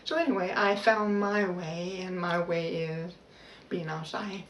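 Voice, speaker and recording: A woman vlogging a personal self-help talk in a slow, halting, heartfelt way, pausing and restarting as she speaks. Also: lowish voice. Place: outdoors. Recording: roomy echo, voice a bit far from the mic, faint background noise.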